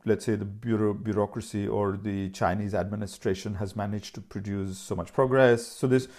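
Low, gravelly-voiced male podcast host. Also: steady tone, moderate pace, a little mellow. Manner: rambling, thinks aloud. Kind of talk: book reading and casual podcast talk.

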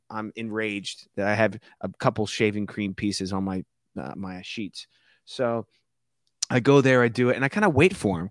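A man's voice: medium pitch, dry recording, studio quality. A man, a podcast guest, telling a prank story in casual chat and acting out the voices of the people in it. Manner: animated storyteller, acts out quoted voices.

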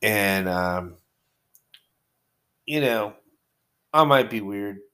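A man's voice: lowish voice, lively intonation, very slow, pushed and bright. A man with a wargaming hobby, talking at home in a rambling, profane, conversational monologue.

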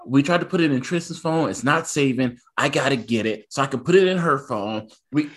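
A man in his thirties tells a story in relaxed podcast chat. He acts out the other people in it with lively shifts of voice. His pitch sits in the middle range. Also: a little fast. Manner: animated, acts out his son's lines. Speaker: podcast co-host.

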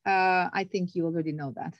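A woman's voice: steady tone, brisk, no echo, lo-fi sound. Emphatic motivational woman, dry sound. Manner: acts out quoted voices with big pitch jumps. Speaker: guest author. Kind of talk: conversational interview.

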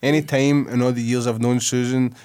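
A man's voice: medium pitch, level tone, fairly quick, a little mellow, smooth. A Scottish man co-hosting a casual podcast, joking and teasing his guest. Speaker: podcast co-host.

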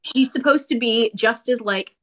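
A woman talking casually about a movie she watched, animated and opinionated, with quick asides. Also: on the high side. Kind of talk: casual movie review chat.

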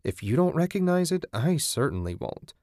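A man voicing a young adult wife who speaks brightly and hopefully. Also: on the high side, sing-song, normal speed, no echo, clean studio sound, pitched above the performer's own voice. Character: young adult wife, cheerful then nervous.

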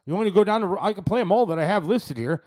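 A man's voice: high-pitched, lively intonation, racing, darkish tone. A man hosting a talk show trades heated blows with his co-host, his voice sitting well above most men's. He talks bluntly and accusingly and repeats his points over and over. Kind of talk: heated on-air argument.

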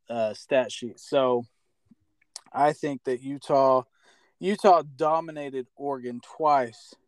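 A man with a clear, smooth voice co-hosts a casual sports podcast. He thinks aloud, hedging with "um"s before he commits to a pick. The recording is dry and close. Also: mid-range voice, no room sound. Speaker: podcast co-host.

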